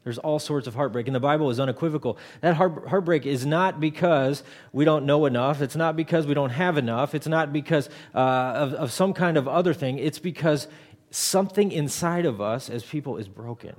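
Man in his thirties, pastor, casual sermon delivery with a touch of a higher pitch and frequent restarts. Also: brisk. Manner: conversational, repeats words when starting a thought.

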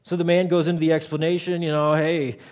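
Man in his thirties, pastor, casual sermon delivery with a touch of a higher pitch and frequent restarts. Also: flat delivery, fast, darkish tone. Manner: conversational, repeats words when starting a thought.

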